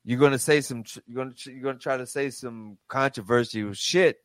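A man's voice: mid-range voice, fairly quick, dry recording. A man hosting a casual group chat, cursing freely and putting questions to the others. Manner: profane, loose, questioning the group. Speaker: podcast host.

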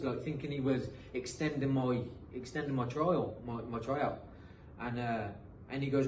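A man's voice: mid-range voice, steady tone, normal speed, hardly any pauses, darkish tone. Earnest British man, distant and roomy. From England. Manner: earnest, motivational, frequent restarts. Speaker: guest, professional footballer. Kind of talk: casual interview storytelling. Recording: roomy echo, distant mic, faint noise.

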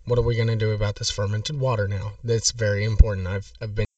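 A man voicing an evasive, oddly formal hotel guest who calls himself a professional, prank-calling the front desk in a slow, halting voice. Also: lowish voice, level tone, far from the mic, over loud music, natural voice. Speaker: prank caller.

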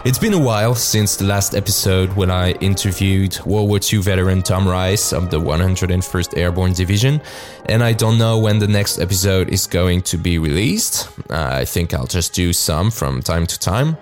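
A man with a French accent, hosting a podcast and reading a scripted story in a measured way. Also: deep voice, faint music behind. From France. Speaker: podcast host and author.

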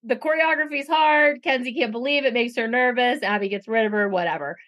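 A woman in her forties recaps a show in fast, sarcastic chat. Her voice sits fairly high and sounds close and dry, and she slips into mocking impressions. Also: a bit bright, no room sound. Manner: quick, sarcastic, quotes others in mocking voices. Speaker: podcast co-host recapping a reality show. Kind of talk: casual chat.

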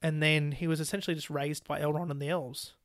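A lively podcast co-host in easy film talk, stringing thoughts together with "like" and jumping into quoted lines from scenes. The voice is close and dry, with no room sound. The pitch stays at an ordinary middle level. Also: quick pace, no room sound. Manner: animated, full of "like" fillers, laughs while retelling scenes. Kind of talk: casual film discussion.

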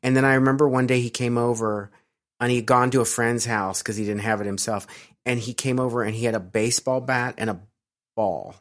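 A man's voice: mid-range voice, fairly even intonation, a little fast. Rambling middle-aged man telling stories. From United States. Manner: rambling, with many fillers and restarts. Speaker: interviewee. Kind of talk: casual storytelling interview.

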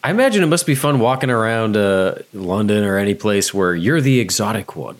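A man's voice: lowish voice, lively intonation, brisk. A man in casual podcast chat, joking crudely and steering the show to the break. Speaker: podcast co-host.

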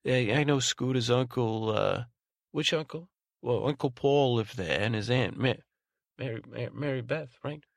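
A rambling, sentimental grown man who loses his train of thought, repeats himself and trails off in a slightly gravelly, middle-pitched voice, as a man puts him on. It is a drowsy bedtime monologue, recorded close and dry. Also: measured pace, no echo. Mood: tender. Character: rambling, tenderhearted adult man named Ray. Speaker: podcast host in character.

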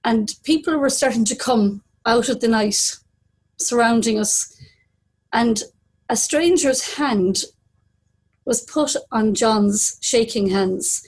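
A woman's voice: a little high, slow pace, darkish tone, rough recording. A middle-aged woman telling a true story at a live storytelling event, vivid and dramatic. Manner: vivid, dramatic retelling with acted quotes.

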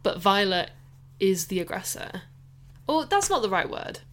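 An animated woman co-hosting a film podcast with a middling, everyday pitch. She chats casually and laughs easily as she talks about scenes. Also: a little slow. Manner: animated, laughs often, tries voices. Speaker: podcast co-host. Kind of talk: casual film-review chat.

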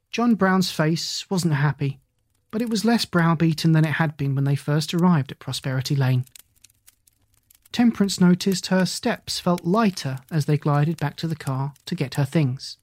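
An audiobook narrator reading a children's novel in a steady, measured way. The voice sits mid-range. It is recorded on a close mic with no room sound at all. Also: mid-range voice, no echo. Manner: measured and even storytelling.

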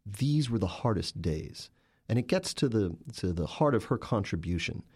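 Low-voiced man telling stories. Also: lively intonation, normal speed, a little mellow, husky. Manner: storytelling, with vivid, emphatic narration. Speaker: journalist and author guest. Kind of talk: interview answers.

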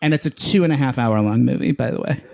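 A man's voice: medium pitch, quick pace, gravelly, darkish tone. Man explaining a podcast with jokes. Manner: joking, explains at length. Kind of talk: casual group chat.

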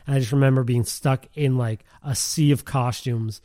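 A man's voice: mid-range voice, steady tone, moderate pace, dark tone, dry recording. Man, casual chat, rambling storyteller, dry close sound. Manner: rambling, lots of "like", laughs while telling.

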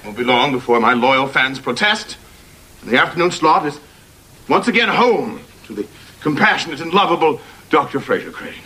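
An exasperated, pompous psychiatrist. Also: male voice, on the high side, animated, moderate pace, poor audio. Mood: sarcastic. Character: fussy sleep-deprived male psychiatrist, exasperated. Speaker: radio psychiatrist in a sitcom. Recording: sitcom audio with loud audience laughter and noise.

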